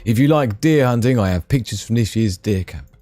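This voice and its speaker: A man's voice: fairly low pitch, animated, brisk, warm tone, soft background music. A man hosting a casual live stream, joking with viewers, teasing them with pet names and laughing often. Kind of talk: casual live chat reading viewer comments.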